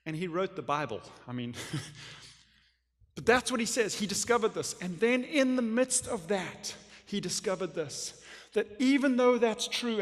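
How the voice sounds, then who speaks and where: A male pastor preaching a sermon, impassioned, moving from loud emphasis down to a hush. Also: extremely high pitch. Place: church. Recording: long church hall reverb.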